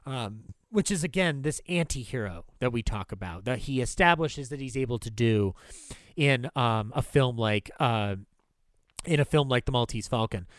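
A man hosting a film podcast in casual chat, swearing freely, excitable, and acting out movie lines as he retells scenes. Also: medium pitch, moderate pace, no room sound, clean studio sound. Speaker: podcast host.

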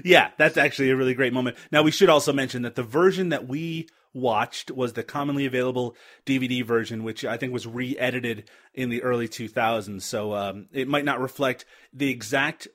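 A man's voice: medium pitch, steady tone, brisk, hardly any pauses, fairly bright tone. A man hosting a movie podcast, chatting casually with sarcastic jokes and frequent laughter. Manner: sarcastic, joking, laughs often. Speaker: podcast host. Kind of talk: casual chat.

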